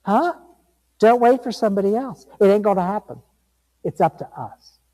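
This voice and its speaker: A man's voice: high-pitched, expressive, moderate pace, dark tone, big-room sound, low-quality recording. A man giving a sermon as a guest reverend, emphatic and conversational in a church sanctuary.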